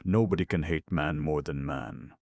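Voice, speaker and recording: A man's voice: rumbling low, moderate pace, vocal fry, a little mellow, no room sound, full character voice. A man voicing a proud, stubborn factory director who speaks bluntly, in a read-aloud play. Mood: grim.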